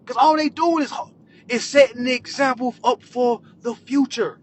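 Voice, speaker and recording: Man, very high voice, profane comic ranter who swings from shouts to mutters, faint vehicle hum behind. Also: moderate pace. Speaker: social media commentator. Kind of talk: profane comedic rant to camera.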